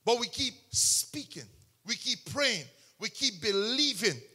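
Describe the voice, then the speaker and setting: High, bright-voiced man preaching a testimony. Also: unhurried. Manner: animated storytelling, bursts into shouts; acts out other people's words in quotes. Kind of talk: sermon testimony.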